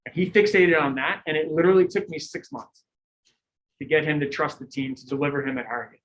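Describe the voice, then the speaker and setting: A middle-aged man, a cycling coach, giving a lecture full of animated stories and acted-out quotes, laughing now and then. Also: on the high side, fast, poor audio. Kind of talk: lecture with anecdotes.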